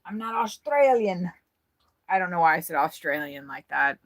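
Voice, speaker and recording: A woman's voice: low voice, fast talker, pushed and bright, dry recording. A woman chatting casually on a livestream, joking around and laughing often. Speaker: livestream host.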